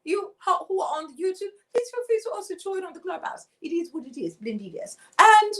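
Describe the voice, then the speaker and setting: A woman runs an online room with exaggerated, theatrical delivery, drawing out words with breathy emphasis. Her voice sits high and leaps all over the place. The tone is satirical and over the top. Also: very animated, poor audio. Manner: theatrical, breathy drawn-out emphasis, swooping intonation. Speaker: host of an online audio chat room.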